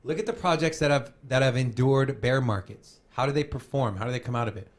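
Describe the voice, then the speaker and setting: A man's voice: mid-range voice, a little fast. A man hosting a casual crypto show, joking and talking straight to viewers. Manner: animated, joking, addresses viewers as guys. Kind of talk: casual podcast banter.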